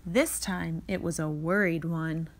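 A woman reading a children's picture book aloud in a slow, expressive read-aloud manner. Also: fairly low pitch. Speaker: reader.

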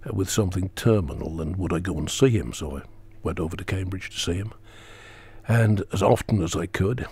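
Gravelly, husky man telling a story. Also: lowish voice, mellow. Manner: earnest, dramatic pauses, acts out quotes; slows for emphasis. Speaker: talk show guest. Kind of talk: personal storytelling.

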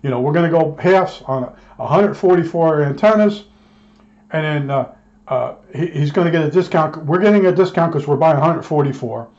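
A man's voice: fairly high pitch, moderate pace, a little mellow. A man, an electronics technician telling a long rambling story in a casual way. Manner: rambling, acts out both sides of old arguments. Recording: dull lo-fi recording.

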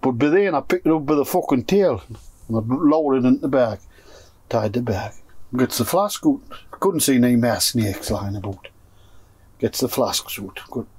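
With a medium-pitched, expressive voice at normal speed, slightly mellow and a bit breathy, this pigeon fancier from North East England tells friends a long story in his loft. His Geordie accent comes through as he curses constantly and plays out what each person said.

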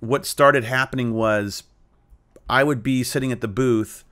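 A man, a cartoonist being interviewed, telling anecdotes in a relaxed, animated way, with frequent fillers and restarts. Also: medium pitch, unhurried. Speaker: guest, cartoonist and tabletop game player. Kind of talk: casual storytelling interview.

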